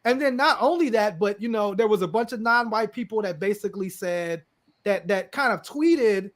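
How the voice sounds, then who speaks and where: Higher-voiced man co-hosting a chat podcast. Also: animated, normal speed, fairly bright tone. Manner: conversational, chuckling, frequent "you know" and "like". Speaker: podcast co-host. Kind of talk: casual discussion.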